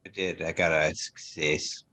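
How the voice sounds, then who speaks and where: A man's voice: very deep voice, little pitch movement, measured pace. A man playing a tabletop game, eagerly asking the game master questions. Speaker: player. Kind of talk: casual tabletop play. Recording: noisy line.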